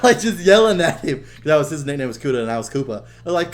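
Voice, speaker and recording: A young man co-hosting a podcast, telling stories in loose, casual chat. His voice sits fairly high, and he swears freely. He turns loud and lively whenever he acts out what other people said. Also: fast. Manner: animated, swears a lot, loud when quoting people. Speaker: podcast co-host.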